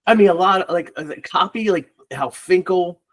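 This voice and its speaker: A man's voice: high-pitched, moderate pace. Rambling male recruiter guest. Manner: rambling, hesitant, full of fillers. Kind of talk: casual podcast interview.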